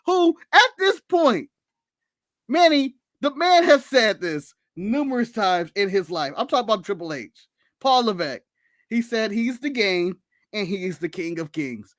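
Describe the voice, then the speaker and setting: A man's voice: high voice, sing-song, a little slow, a bit bright, dry recording. A man from the United States co-hosting a casual podcast, ranting sarcastically with laughs and swearing. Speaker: podcast co-host.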